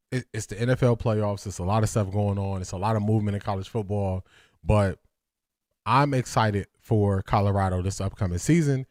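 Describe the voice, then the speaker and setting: A man with a low, morning-rough voice hosts a relaxed live sports stream, chatting straight to his viewers. He circles back and repeats his points for emphasis. The sound is dry and close. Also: dry recording. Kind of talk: casual live-stream chat.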